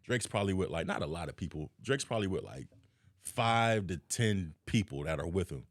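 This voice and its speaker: A man telling stories as a podcast guest, animated and full of laughter. His pitch swings widely, and the sound is dry and close with no room echo. He keeps checking in with "you know what I'm saying.". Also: brisk. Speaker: podcast guest, actor and content creator. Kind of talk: casual podcast chat.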